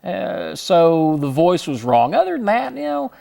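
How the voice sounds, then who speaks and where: A gravelly, fairly high-voiced middle-aged man from Houston speaks as an interview guest. He talks casually and self-deprecatingly, stopping and restarting his sentences often. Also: big pitch swings, unhurried, warm tone. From Houston, Texas.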